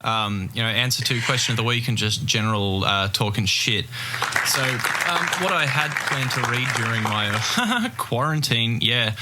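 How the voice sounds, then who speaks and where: A man's voice: medium pitch, animated, normal speed, over a noisy crowd, heavy background noise. An Australian man sending in a chatty, jokey recorded message about comics. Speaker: listener contributor.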